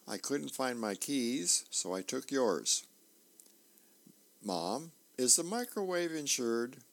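A man's voice: mid-range voice, vocal fry, voice pushed up, full character voice. A man voicing a careless teenage boy with a casual, offhand way of asking for things.

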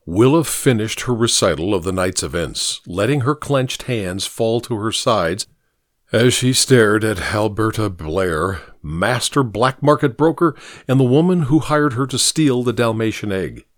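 A man's voice: fairly low pitch, lively intonation, measured pace, dry recording, clean studio sound. A man narrating a story as an audiobook reader, lightly voicing the characters in the dialogue. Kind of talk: scripted narration.

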